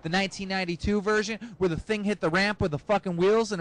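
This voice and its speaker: A young man telling a comic story in a profane, rambling, excitable way. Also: high-pitched, quick pace. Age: young adult.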